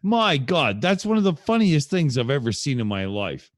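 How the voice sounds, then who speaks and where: A man's voice: fairly high pitch, sing-song, normal speed, no room sound, studio quality. A man from Canada in casual podcast chat, boisterous and laughing through crude banter. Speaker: podcast panelist.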